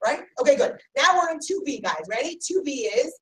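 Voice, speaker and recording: A woman teaching a Talmud class, questioning her students in an animated way and correcting herself quickly. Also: high-pitched. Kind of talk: interactive class discussion. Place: classroom with a live audience. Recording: distant mic in a room, faint noise.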